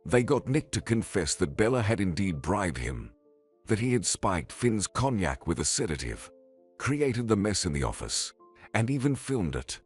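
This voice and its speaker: A man narrating a dramatic story in a steady, scripted storytelling manner. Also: fairly low pitch, moderate pace, husky, faint music behind.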